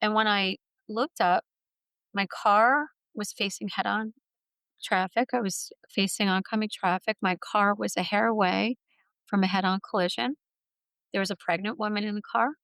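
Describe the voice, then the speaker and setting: A woman's voice: medium pitch, fairly even intonation, moderate pace, gravelly, fairly bright tone, clean tone, no echo. A middle-aged woman, a guest author, telling a personal story in an interview in an earnest, heartfelt way. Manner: earnest, heartfelt, vivid retelling.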